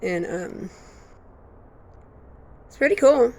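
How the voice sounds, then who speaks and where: A woman vlogging in a rambling, excitable stream-of-consciousness monologue. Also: fairly high pitch, slow, a little hiss or hum. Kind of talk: casual monologue.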